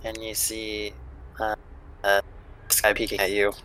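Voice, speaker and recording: A man's voice: lowish voice, completely flat delivery, a little slow, bright, forceful tone, clean tone, rough recording. A man narrating a tabletop game as game master, in a loose, casual way with many fillers.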